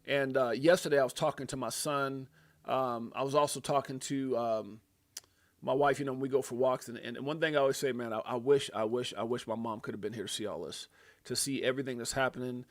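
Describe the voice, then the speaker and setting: Excitable male crypto livestream host. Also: medium pitch, brisk, no room sound. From Brooklyn, USA. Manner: excitable, loud bursts of hype, slang, frequent repeats and laughs. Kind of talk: live crypto market commentary.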